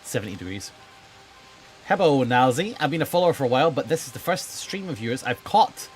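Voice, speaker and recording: A man's voice: mid-range voice, very animated, a little fast, faint music behind. A Scottish man on a live stream, reading chat aloud and joking at his own expense. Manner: joking, self-deprecating, swears.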